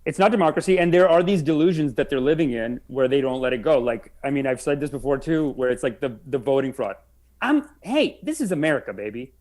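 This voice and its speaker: A man's voice: mid-range voice, fast, hardly any pauses, darkish tone. A man co-hosting a casual podcast, talking bluntly and sarcastically. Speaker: podcast co-host.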